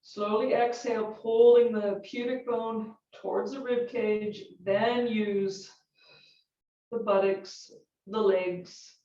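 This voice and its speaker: Woman yoga teacher counting reps, talks slow, far from the mic, roomy and kinda muffled. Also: mid-range voice. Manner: calm step-by-step cueing with breath counts. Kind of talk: guiding a yoga class. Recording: roomy, distant, dull-sounding studio recording.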